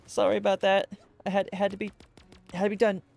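A man giving let's-play commentary, excitable, gasping and talking to himself as he plays. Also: high voice, moderate pace, vocal fry. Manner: excitable, gasps and talks to himself. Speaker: gaming YouTuber.

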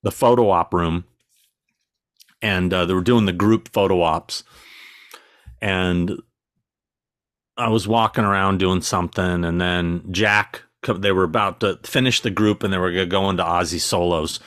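A man's voice: deep voice, steady tone, normal speed, pauses often, a bit bright, no room sound. A man with a dry, sarcastic sense of humor, telling stories as a guest in a casual podcast interview.

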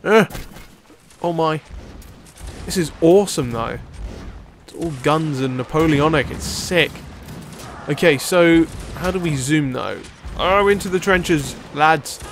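A young man giving excitable, rambling let's-play commentary as he plays, swearing casually. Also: a little high, slow, vocal fry, pauses often, a little hiss or hum. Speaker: gaming video host.

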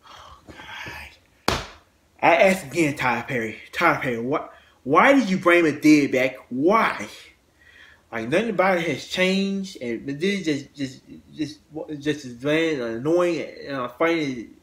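A man hosting his own channel, ranting casually about films in a halting way, with lots of restarts, repeated words and blunt swearing. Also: fairly high pitch, animated, a bit bright. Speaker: host. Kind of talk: casual movie rant.

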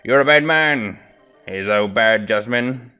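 A man's voice: mid-range voice, takes it slowly, pushed and bright, clean tone, faint music behind. Man doing a campy, sly bandit. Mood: mocking. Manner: campy, mock-wounded, drawling. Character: theatrical male bandit, mock-hurt and sly.

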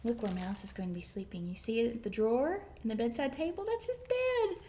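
A woman's voice: fairly high pitch, expressive, a little fast, warm tone, a little hiss or hum. A woman, a children's librarian, reading a picture book aloud at storytime with playful asides to young listeners.

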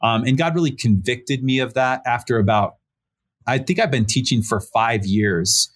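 Joining the podcast over a remote call, this thirties-aged pastor casually recounts something from his own life, leaning on filler words. When quoting others, he acts them out and pitches his voice up. He talks at a normal male pitch and a moderate pace.

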